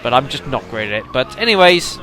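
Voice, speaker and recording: A man's voice: medium pitch, very animated, brisk, sharp tone, a little hiss or hum. A man giving casual gameplay commentary, rambling with lots of fillers and addressing the audience as folks. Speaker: let's play commentator.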